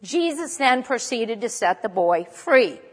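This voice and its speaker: A woman's voice: a little high, sing-song, unhurried, big-room sound. A woman preaching a sermon in a conversational way, stopping to correct herself as she goes. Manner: conversational, with restarts and self-corrections.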